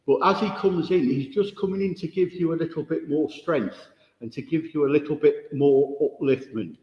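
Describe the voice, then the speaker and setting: A man speaks as a spiritualist medium, chatty and direct as he singles out people in the audience. His voice sits a little high and rings through a village hall with a long echo. Recorded without a microphone, the sound is dull and distant. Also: normal speed. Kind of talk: mediumship demonstration. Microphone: no microphone, room recording.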